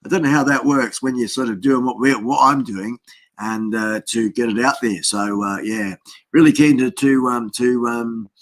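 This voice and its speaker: A man's voice: mid-range voice, normal speed. A middle-aged Australian man hosting a casual livestream from his home desk, rambling through greetings to viewers with many fillers. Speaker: livestream host. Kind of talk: casual live-stream chat.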